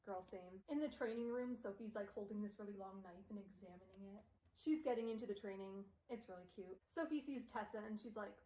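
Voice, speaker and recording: A woman's voice: mid-range voice, fairly quick, few pauses, warm tone, a little hiss or hum. A young woman VTuber recapping a novel in a chatty, sarcastic way, dropping "like" constantly. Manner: chatty, sarcastic, heavy use of "like". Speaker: VTuber streamer. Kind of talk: casual book recap. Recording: roomy echo.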